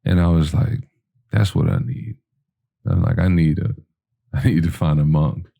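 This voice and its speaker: A man's voice: sits low, flat delivery, moderate pace, vocal fry, mellow. A man telling a long personal story on a podcast in a rambling, casual way, full of fillers, acting out what people said. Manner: rambling, full of "you know" and "like", acting out quoted dialogue. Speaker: podcast guest.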